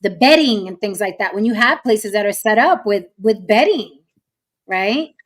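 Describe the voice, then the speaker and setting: A woman's voice: mid-range voice, animated, moderate pace. A woman hosting a live-streamed talk show, arguing her points emphatically and reading viewer comments aloud. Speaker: host.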